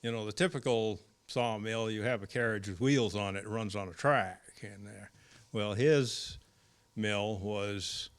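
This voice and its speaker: An older man with a Maine accent speaks up from the audience with a low voice. He explains things in a halting way and often repeats his words. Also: clear, resonant tone. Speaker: audience member sharing a story. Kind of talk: casual storytelling. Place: library meeting room.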